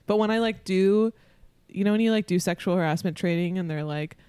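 A woman's voice: medium pitch, a little fast, mellow, smooth, no room sound. A woman in her twenties telling a story in casual chat, rambling with many fillers.

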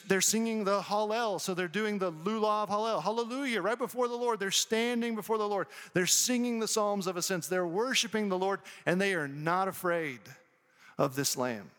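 A man's voice: high-pitched, normal speed, fairly bright tone. A man preaching an earnest sermon as a pastor, reading scripture and explaining it to his congregation. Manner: earnest, preaching with rising emphasis. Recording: long hall reverb.

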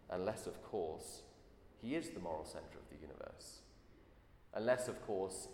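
A man's voice: deep voice, darkish tone. A man preaching a sermon in an earnest way, full of rhetorical questions. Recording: echoey hall, faint room noise.

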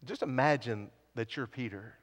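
A man's voice: mid-range voice, normal speed. A man preaching a sermon, building with repeated phrases and dropping to near whispers. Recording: long hall reverb.

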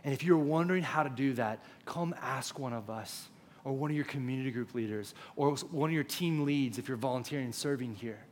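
A man's voice: mid-range voice, fairly quick, a little hiss or hum. A young man preaching a sermon in a church, talking conversationally with asides to the congregation. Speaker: pastor. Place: church auditorium.

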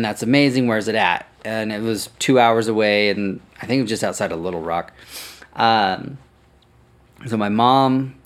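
A man's voice: on the low side, a bit bright. A man hosting a podcast, telling a story casually, swearing freely and correcting himself as he goes. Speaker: podcast host.

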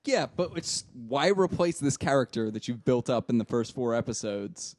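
A man's voice: mid-range voice, expressive, normal speed, a little mellow, dry recording. A man co-hosting a podcast, casually chatting about a TV show with incredulous remarks. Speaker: podcast co-host.

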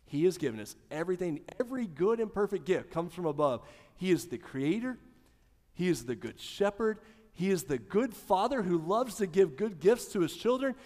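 A man preaching a sermon as pastor, animated, swinging between loud emphasis and hushed lines. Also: high-pitched, normal speed, in a large hall.

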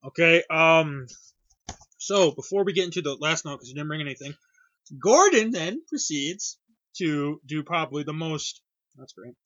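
A young man tells a rambling story with a high, bright voice, acting out quoted lines and swearing freely. The sound is dry and a little dull. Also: lively intonation, normal speed, no echo. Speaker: podcast co-host recapping a reality cooking show. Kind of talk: casual chat.

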